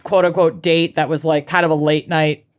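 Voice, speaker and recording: A woman's voice: low voice, little pitch movement, normal speed, clear, resonant tone. A woman in her thirties co-hosting a casual podcast chat, frank and swearing freely. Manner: frank and profane. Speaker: podcast co-host.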